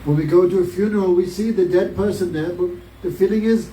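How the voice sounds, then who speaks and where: A man's voice: sits high, brisk, hardly any pauses, warm tone. A man teaching a devotional class, telling a scriptural story and asking his listeners many rhetorical questions. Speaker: spiritual teacher. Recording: roomy, distant mic, faint noise.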